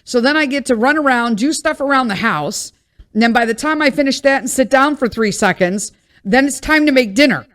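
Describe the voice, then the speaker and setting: A blunt, exasperated woman in her thirties with a light drawl, venting about home life on her podcast. Her voice sits a little high, and she swears freely as she rants in a casual, unscripted way. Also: animated, fairly quick, fairly bright tone. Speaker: podcast host.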